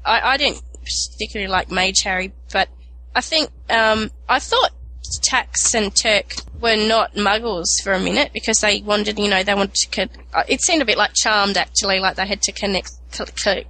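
Bright-voiced chatty woman. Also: medium pitch, moderate pace, a little hiss or hum, poor audio. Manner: chatty, anecdotal storytelling. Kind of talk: casual chat.

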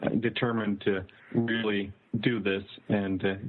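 A man on a group call, chatting and retelling a story with a relaxed, chuckling manner. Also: fairly low pitch, measured pace, phone-quality sound. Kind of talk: casual group chat over a call.

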